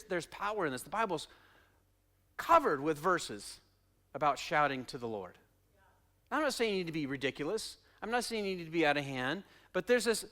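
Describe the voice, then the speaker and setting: A man preaching a sermon as pastor, dramatic, acting out quotes and swinging from loud shouting to hushed asides. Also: fairly high pitch.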